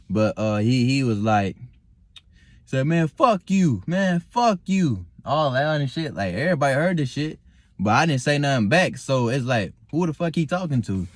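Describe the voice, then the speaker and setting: A young man talks to camera from his car at night, loose and rambling, full of fillers and restarts. He stays calm and reflective and swears freely. His voice sits at a middle pitch and sounds dry and close. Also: brisk, no echo. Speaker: vlogger. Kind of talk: casual talk to camera.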